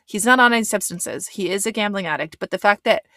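A woman's voice: medium pitch, quick pace, sharp tone, no echo. A woman giving a casual recap commentary of a reality show, blunt and swearing, with lots of fillers. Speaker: reaction commentator.

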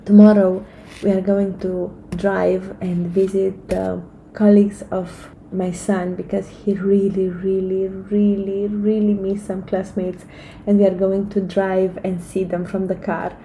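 Woman in her thirties, motivational vlog, earnest and encouraging, very mellow tone, gravelly fry. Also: medium pitch, flat delivery, unhurried, slight background noise, rough recording. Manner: earnest and encouraging, with frequent fillers and restarts. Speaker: vlogger giving life advice. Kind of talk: casual motivational talk to camera.

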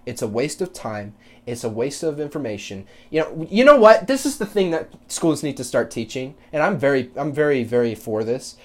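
Young male podcast host, solo rant, blunt and profane, voice of average pitch. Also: very animated, moderate pace. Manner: profane, blunt ranting with swings into loud mocking quotes.

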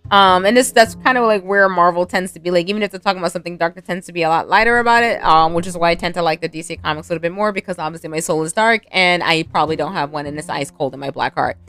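A woman's voice: fairly low pitch, very fast, hardly any pauses, fairly bright tone, clear, resonant tone, no echo. A woman casually recapping a film, rambling with many fillers and frequent laughter. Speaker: movie recap vlogger.

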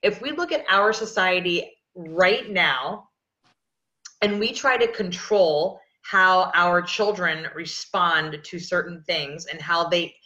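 Brief: woman in her 30s, podcast host, earnest and rambling, bright forceful tone, lower voice. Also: takes it slowly. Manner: rambling, earnest, many restarts. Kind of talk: casual podcast conversation. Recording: echoey, dull lo-fi sound.

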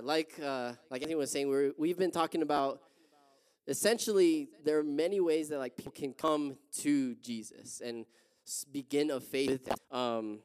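A man's voice: mid-range voice, darkish tone, smooth, big-room sound. A young man starting a casual sermon, joking and self-deprecating before easing into his point. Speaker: guest preacher.

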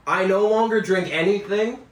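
A man guesting on a podcast, telling stories in an animated, profane, casual way. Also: high voice, moderate pace, roomy sound, distant mic. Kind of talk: casual chat.

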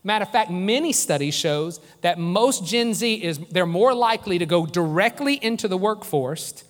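A man with a high-sitting voice and lively intonation speaks at a moderate pace, his tone a bit bright, in a large hall. He's a pastor preaching a sermon, earnest and conversational, often restarting his phrases.

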